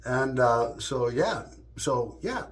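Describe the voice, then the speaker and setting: A man's voice: mid-range voice, lively intonation, slow pace. A middle-aged man vlogging and telling stories in a loose, profane, joking way. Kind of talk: casual storytelling monologue.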